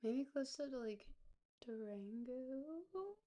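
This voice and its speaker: A woman streamer, hoarse and gravelly from a cold, chatting casually with her viewers and thinking aloud over a game. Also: mid-range voice, fairly even intonation, moderate pace, a little mellow. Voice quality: gravelly, smoker-like. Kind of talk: casual live-stream gameplay commentary. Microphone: close desk mic.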